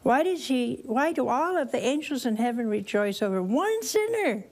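A woman's voice: high voice, very animated, moderate pace, darkish tone. A woman preaching a storytelling sermon to a live audience, chatty and folksy, laughing at her own asides and acting out the characters.

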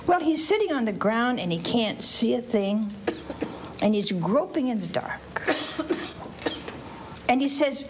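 A woman preacher with a drawl tells a Bible story to children and families in a church. She keeps asking the listeners questions and acts out the voices. Her voice is fairly high and swoops up and down in a lively way. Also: a little slow, long pauses, a little hiss or hum. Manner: animated, asks the audience questions, acts out voices.

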